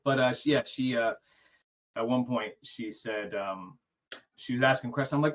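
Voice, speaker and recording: A man in his forties telling a story as a guest on a video-call interview, animated, acting out the dialogue with little chuckles. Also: medium pitch, moderate pace. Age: 40s. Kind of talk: casual storytelling.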